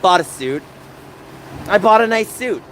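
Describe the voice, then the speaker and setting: A man's voice: sits high, expressive, unhurried, fairly bright tone, slight background noise, rough recording. A man hosting a casual livestream, talking to chat by name and turning confrontational as he defends himself. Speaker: livestream host.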